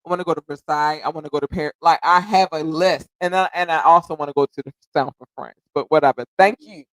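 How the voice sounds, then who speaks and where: Male podcast host, effusive and rambling, slightly high voice, close dry recording. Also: fairly even intonation, fast, no room sound, poor audio. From United States. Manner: effusive and grateful, repeating thanks and shout-outs; rambling, self-correcting, occasionally tongue-tied. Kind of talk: casual solo podcast chat.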